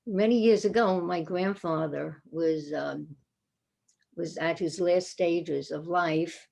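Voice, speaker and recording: A woman tells a personal family story in an easy, conversational manner, pausing and restarting as she goes. Her voice is dark and gravelly. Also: fairly low pitch.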